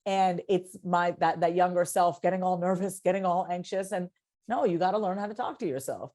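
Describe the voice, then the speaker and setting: Speaking briskly in a lowish register, this podcast guest keeps the conversation casual and full of energy. Excitement makes her repeat words while she works toward a point, and she talks herself through things aloud.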